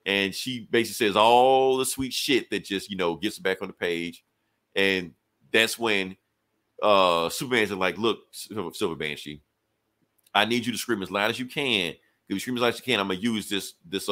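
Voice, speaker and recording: A young man co-hosting a podcast, retelling a comic book story in casual chat, acting out characters' lines with swearing and quick asides. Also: fairly low pitch. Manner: animated storytelling, casual profanity, quick quoted dialogue. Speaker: podcast co-host reviewing comics.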